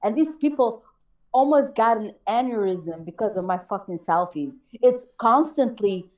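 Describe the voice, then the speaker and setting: A woman's voice: a little high, expressive, measured pace, darkish tone. A woman co-hosting a casual chat show, ranting defiantly and swearing heavily as she talks about her critics. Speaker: co-host of a call-in chat show.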